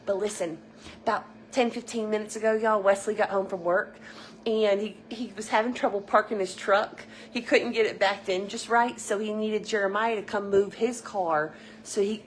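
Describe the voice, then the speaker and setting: A woman's voice: mid-range voice, steady tone, moderate pace, a little hiss or hum. A middle-aged woman, chatting casually with viewers as she hosts a live stream from her home kitchen. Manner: chatty, laughing, greeting viewers by name.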